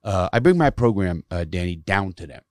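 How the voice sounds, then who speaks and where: A man's voice: deep voice, very animated, brisk, dry recording, studio quality. A middle-aged man telling stories from his life in casual conversation, blunt and emphatic, cursing often to stress his points. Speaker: guest, former prisoner who speaks to youth.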